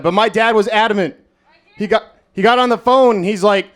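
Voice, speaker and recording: A young American man doing a stand-up set at an open mic, in a crude, deadpan, self-mocking style. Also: sits high, brisk. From United States. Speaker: stand-up comedian. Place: comedy club stage, Las Vegas.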